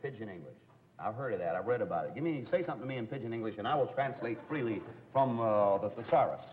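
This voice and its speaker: A man with a lowish, expressive, slightly mellow voice hosts a live radio quiz show, firing off questions and joking with contestants through quick wisecracks. The 1950s broadcast recording sounds tinny and hissy.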